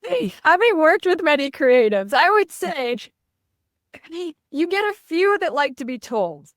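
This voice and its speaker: A middle-aged woman from New York, a marketing expert speaking as a podcast guest, blunt and animated, often breaking off mid-sentence. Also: high-pitched, measured pace, no room sound, studio quality. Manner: blunt, animated, self-interrupting. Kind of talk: casual podcast interview.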